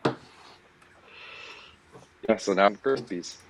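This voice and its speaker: A man taking part as a guest on a podcast over a remote call, answering in relaxed, hesitant talk. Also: lowish voice, slow, slight background noise, low-quality recording. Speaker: brewery guest. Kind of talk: casual interview answers.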